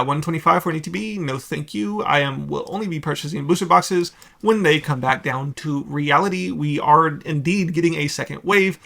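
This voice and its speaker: Gravelly, bright-voiced young man ranting. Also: a little high. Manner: blunt, sarcastic, rapid asides. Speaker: card collecting video host. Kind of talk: casual opinionated market commentary.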